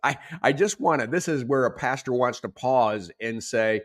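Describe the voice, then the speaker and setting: Male pastor, lively sermon delivery, mid-pitched voice, dramatizes quotes. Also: normal speed. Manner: animated preaching, acts out shouted quotes.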